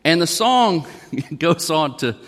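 In a reverberant church hall, a man serving as pastor gives a folksy, conversational sermon and reads song lyrics aloud to the congregation. He speaks slowly in a fairly high, sing-song voice with a slightly bright tone.

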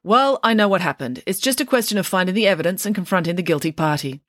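A woman's voice: lowish voice, animated, fast talker, fairly bright tone, dry recording, studio quality. A woman reading aloud, voicing a fussy, logical schoolgirl detective who speaks precisely and pedantically. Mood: matter-of-fact. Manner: precise, pedantic, matter-of-fact.

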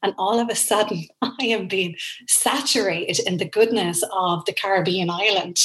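A woman's voice: medium pitch, moderate pace, poor audio. A woman with an Irish accent, a guest in an interview, telling a personal story earnestly and with feeling. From Ireland. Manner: earnest, emotional, animated storytelling.

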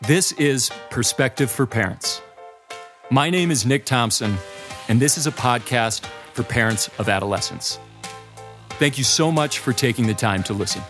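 Podcast host, middle-aged man, Dakota accent, mid-pitched, animated and self-deprecating. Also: moderate pace, faint music behind. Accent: American, Dakota. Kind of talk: casual solo podcast talk.

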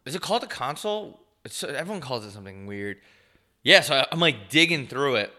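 Congested nasal man, bright-voiced. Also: medium pitch, sing-song, a little fast. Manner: rambling, joking, swears freely. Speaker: podcast co-host. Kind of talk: casual chat.

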